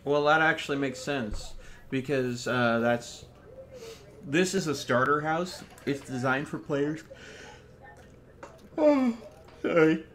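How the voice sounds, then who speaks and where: A man's voice: fairly high pitch, lively intonation, slow, long pauses, fairly bright tone. A man hosting a multiplayer let's play, chatting casually and explaining the game's design at length. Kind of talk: casual gaming chat.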